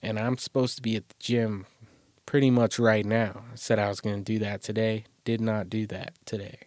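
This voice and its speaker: A man's voice: lowish voice, flat delivery, normal speed, darkish tone, no room sound. A man hosting a solo podcast from a closet, talking in a rambling, crude, self-deprecating way and swearing a lot. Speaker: podcast host. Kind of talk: casual solo podcast monologue. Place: small closet.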